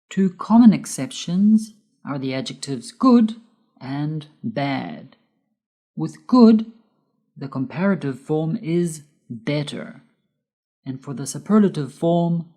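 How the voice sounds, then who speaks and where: A woman whose first language is Spanish, reading a scripted grammar lesson slowly and deliberately, spelling out letters and stressing key words. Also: low voice, warm tone. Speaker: English teacher.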